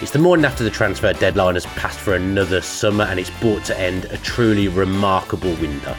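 A man co-hosts a football podcast in an easygoing, jokey manner. His voice is very deep. Faint music plays in the background. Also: animated, a little fast. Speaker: podcast co-host. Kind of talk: casual football chat.

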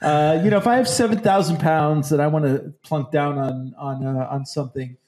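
A man's voice: fairly high pitch, normal speed, a little mellow. A man hosting a casual podcast, joking around and stumbling through many fillers and restarts. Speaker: podcast host.

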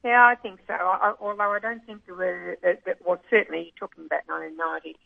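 A woman's voice: lowish voice, fairly even intonation, fast talker, gravelly, no room sound. A woman, a racing club manager interviewed by phone, talking fondly with many hesitations and restarts. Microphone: telephone. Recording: tinny phone line.

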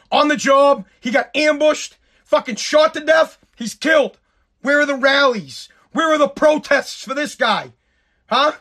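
A man with a strikingly high-pitched voice rants on his own program. He swears constantly, stumbles over words and breaks into shouts when he gets heated. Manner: profane, heated, shouting at times. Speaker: show host. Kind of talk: angry rant, talk show.

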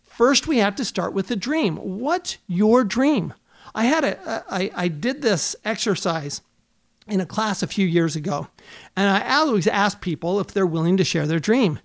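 A man's voice: sits high, lively intonation, normal speed, vocal fry. Man, podcast host, accountant, earnest coaching tone, lots of rhetorical questions. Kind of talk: motivational podcast talk.

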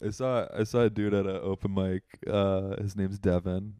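A man's voice: low-pitched, moderate pace, clean tone, dry recording. A man co-hosting a comedy podcast, a stand-up comic who laughs often and mocks himself in loose chat. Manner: laughs often, lively and self-mocking. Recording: dry close-miked.

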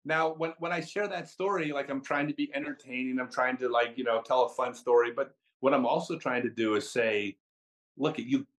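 A man who is a podcast guest and tells chatty, animated stories with frequent restarts. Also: medium pitch, brisk, hardly any pauses. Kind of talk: casual storytelling.

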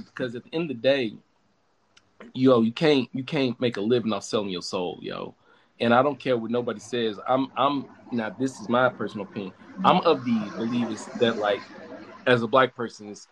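A young man hosting a podcast in casual chat, talking in an animated, profane, emphatic way with many restarts. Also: mid-range voice, fairly quick, slight background noise. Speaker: podcast host.

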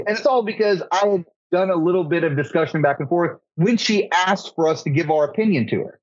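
A man's voice: a little high, lively intonation, fast, hardly any pauses, no echo. A young man rambling through college stories in casual podcast chat, saying "like" a lot. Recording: slightly dull podcast audio.

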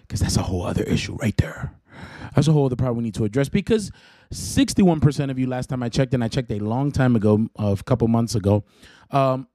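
A man's voice: mid-range voice, warm tone, dry recording. A man with a Southern US accent, hosting a casual faith podcast, joking and rambling as he corrects himself. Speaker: podcast host.

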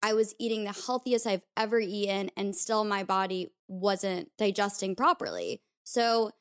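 A woman hosts a personal podcast and reflects candidly on her own experiences. Her voice is smooth and clear, pitched in the middle range. She talks casually and openly, with a loose, confessional flow. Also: expressive, moderate pace. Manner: candid, confessional, uses filler "like". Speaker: podcast host.

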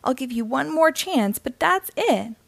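A woman's voice: high voice, animated, measured pace, vocal fry, dry recording, exaggerated voice. A woman voicing a small boy who wants to play firefighter. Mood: boyish.

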